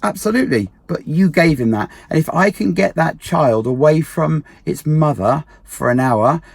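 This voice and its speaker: A man's voice: fairly high pitch, animated, moderate pace, gravelly, slightly rough, no echo. Emphatic man giving dog advice. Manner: emphatic, acts out quoted people. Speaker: dog trainer and martial arts instructor. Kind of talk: casual advice monologue.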